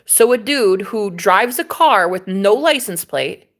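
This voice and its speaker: A young woman telling a story on her vlog in an animated way, full of slang and swearing. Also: mid-range voice, unhurried. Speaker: vlogger.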